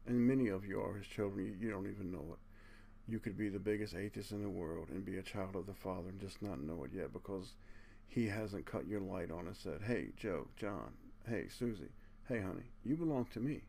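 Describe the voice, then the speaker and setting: A man with a gravelly, low-pitched voice delivers an impassioned monologue to his viewers. He sounds earnest and preachy, keeps tacking "man" onto his sentences and curses without holding back. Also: steady tone, a little fast, mellow, slight background noise. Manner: blunt, curses casually. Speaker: video channel host.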